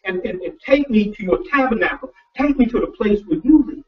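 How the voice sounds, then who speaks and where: A male pastor with a high-pitched, expressive voice preaches a little fast in a loose, conversational sermon. He often repeats words and restarts sentences in a folksy, personal tone. The recording sounds distant, dull and lo-fi.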